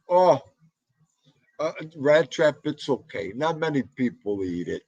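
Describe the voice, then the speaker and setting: A New York man talks slowly and loosely on his livestream, his husky voice rising and falling a lot as he jokes with viewers. The sound is dry and close, with no room echo. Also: fairly high pitch, expressive. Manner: chatty, shouts out viewers by name, jokey. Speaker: live podcast host reading chat. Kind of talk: casual livestream chat.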